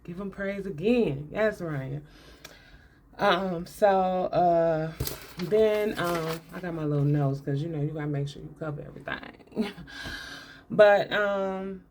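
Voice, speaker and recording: A woman talks through a movie in a loose, chatty way, with a sarcastic edge and plenty of laughter. Her voice sits on the lower side, and she keeps things casual and colloquial. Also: slow pace, a little mellow. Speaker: movie commentator.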